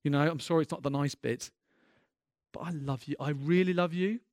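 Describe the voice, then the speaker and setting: A man's voice: fairly high pitch, steady tone, fairly quick, darkish tone, dry recording, studio quality. A man preaching a sermon as a pastor, earnest and impassioned, often restarting his sentences and building in intensity.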